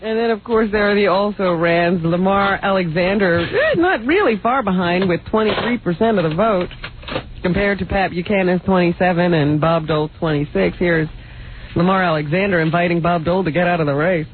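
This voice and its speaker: High-voiced chatty radio co-host, man. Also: fairly quick. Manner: chatty, laughs often, feeds the host. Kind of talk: casual talk-radio banter. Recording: tinny lo-fi radio recording with faint hiss.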